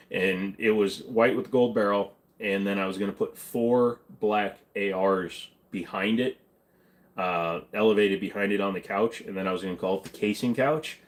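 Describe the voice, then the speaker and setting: Livestream host, male, lowish voice, rambling, jokey, casual chat. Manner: loose, joking, rambling with many fillers and restarts. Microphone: desk microphone.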